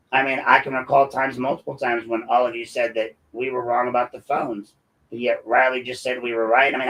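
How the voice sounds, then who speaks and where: A man's voice: mid-range voice, fairly bright tone, low-quality recording. A man hosting political commentary, combative and sarcastic, talking straight at his critics. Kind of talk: opinionated commentary.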